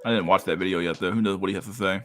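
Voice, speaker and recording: A man's voice: deep voice, fairly even intonation, very fast, fairly bright tone, faint music behind. A young man hosting a casual livestream, talking in a crude, profane way while reacting to chat. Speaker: livestream host.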